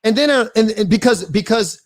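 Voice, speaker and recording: Man in his fifties, fairly high voice, animated rambling storyteller, lots of restarts, casual interview guest. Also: fairly quick. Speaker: guest, real estate investor.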